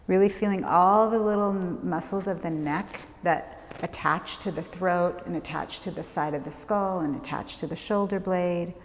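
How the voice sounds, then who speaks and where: A woman leading a prenatal yoga class, giving calm, gentle movement and breath cues. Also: fairly low pitch. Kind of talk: guided yoga class instruction. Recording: long hall reverb.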